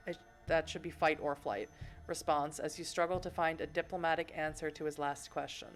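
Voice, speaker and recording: A woman from Boston, streaming a video game, reads the story text aloud with playful, giggly asides to chat. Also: low voice. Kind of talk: reading game text and chatting on a livestream.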